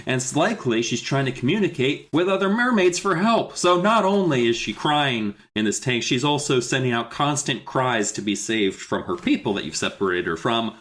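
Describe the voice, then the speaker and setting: A man's voice: medium pitch, expressive, moderate pace, few pauses, fairly bright tone. A man co-hosting a casual podcast, retelling a kids' book with sarcasm and frequent swearing. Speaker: podcast co-host.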